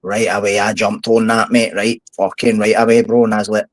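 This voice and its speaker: A man's voice: fairly low pitch, steady tone, fast, hardly any pauses, no echo, poor audio. Blunt, swearing Scottish man. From Scotland. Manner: blunt, heated, swears often. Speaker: podcast guest, former prisoner. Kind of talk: casual podcast chat.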